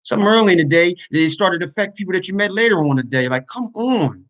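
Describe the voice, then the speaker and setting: A man's voice: high voice, expressive, quick pace, fairly bright tone, highs cut off. Earnest man venting on a livestream. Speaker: YouTuber and podcaster. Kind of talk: casual livestream talk.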